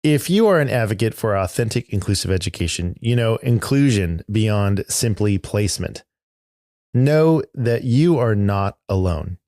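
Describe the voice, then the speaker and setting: A man hosting a podcast, narrating in a measured, earnest scripted delivery. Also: lowish voice, expressive, a little mellow, no echo, clean studio sound. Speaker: podcast host.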